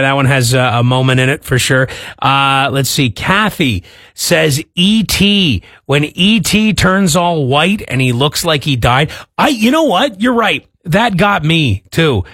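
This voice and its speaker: A man's voice: on the high side, animated, a little slow, a bit bright, no echo. A man hosting a radio show, chatting casually with listeners and stumbling over his words now and then. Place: radio studio. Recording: dry studio mic with faint music.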